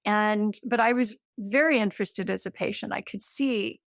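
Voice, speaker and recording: A woman's voice: mid-range voice, normal speed, vocal fry, dry recording, clean studio sound. A woman in her fifties, a guest in an interview, explaining science with enthusiasm, checking in with "right?" and using everyday comparisons. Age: 50s.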